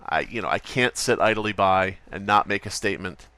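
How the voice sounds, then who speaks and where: A whiny, self-pitying drama YouTuber, played by a man for a comedy skit, who rambles in circles and repeats the same complaint again and again. His voice sits a little low and comes across dry and close, with no room around it. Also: a little fast, pushed and bright, dry recording. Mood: mopey. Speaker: podcast host.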